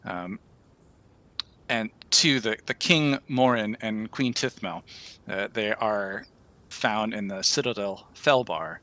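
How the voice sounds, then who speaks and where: Bright-voiced man running a tabletop game. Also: lowish voice. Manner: halting, many fillers. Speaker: game master.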